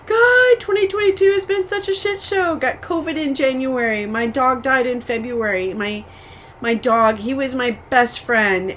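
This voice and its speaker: A woman from the United States talks straight to camera in a loose, rambling update. She vents her frustrations openly, tripping over restarts and filling gaps with ums, at a steady middle pitch with a faint hiss behind her. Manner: frustrated and candid. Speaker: vlogger. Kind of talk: casual personal update.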